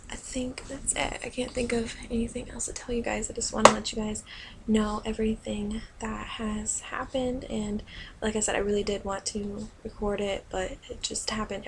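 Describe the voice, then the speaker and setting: A young woman speaks casually and softly to her viewers, wandering through her thoughts with frequent ums. Her voice has a gravelly fry and stays flat in pitch. A faint hiss sits under the recording. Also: rough recording. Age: young adult. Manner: rambling, many ums and restarts, soft. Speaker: vlogger and new mother. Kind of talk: casual talk to camera.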